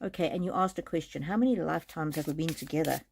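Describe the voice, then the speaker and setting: A woman with a lowish voice, reading oracle cards on a live stream. She talks gently and haltingly, often laughing and showing emotion. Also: creaky, slight background noise. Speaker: tarot and oracle card reader. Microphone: streaming mic.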